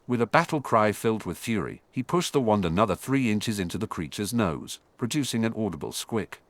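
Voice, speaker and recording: A man narrating a fantasy audiobook in a dramatic, animated way. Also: on the low side, fairly quick, no room sound.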